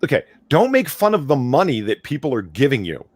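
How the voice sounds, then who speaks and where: A man co-hosts a casual livestream, ranting with big swings in pitch and swearing freely. His voice is dry and close to the mic. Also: sing-song, a little fast, darkish tone, dry recording. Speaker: co-host. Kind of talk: casual stream chat. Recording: dry close-miked audio.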